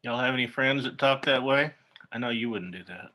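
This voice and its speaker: Man, drawl, teaching a webinar, bright voice, lots of uhs and restarts. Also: mid-range voice, a little fast. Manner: casual, folksy, with many fillers and restarts. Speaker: instructor. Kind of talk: online lecture.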